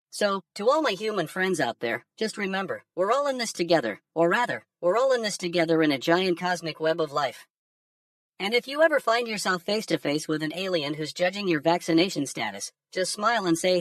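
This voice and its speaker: A woman's voice: on the low side, fairly bright tone, no echo, studio quality, far from the mic. A woman voicing a laid-back male alien pundit who curses and mocks humans in synthetic news commentary. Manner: cursing, mocking, stoner-casual.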